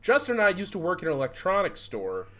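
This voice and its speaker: A man's voice: high-pitched, wildly swooping pitch, fast talker, crowd noise. A young man from Michigan co-hosting a podcast, rambling and swearing as he tells old work stories with laughs. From Southeast Michigan. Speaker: podcast co-host. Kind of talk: casual chat.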